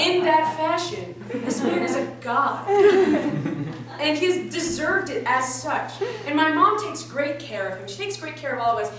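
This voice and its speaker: Captured by a distant mic in a reverberant live room, a woman in her 20s delivers profane, animated stand-up stories at a comedy venue, laughing often at her own lines. She speaks in a high pitch at an unhurried pace, with crowd noise from the audience behind her.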